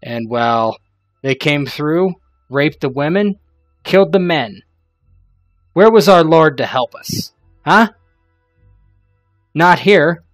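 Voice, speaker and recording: A man voicing a gruff middle-aged male outlaw chief who taunts loudly and swears freely. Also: on the high side, animated, takes it slowly, long pauses, no room sound, faint music behind, pitched above the performer's own voice. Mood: bitter. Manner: loud, taunting banter.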